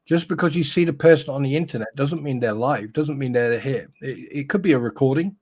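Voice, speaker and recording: A man's voice: mid-range voice, brisk, darkish tone. A man chiming in on a casual livestream chat, talkative and opinionated with a joking edge.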